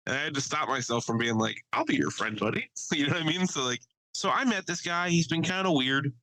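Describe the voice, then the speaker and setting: Bright-voiced man telling a story. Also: fairly high pitch, fairly quick, no echo, poor audio. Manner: animated anecdote-telling, swears freely, quotes others. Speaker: podcast co-host. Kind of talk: casual storytelling chat.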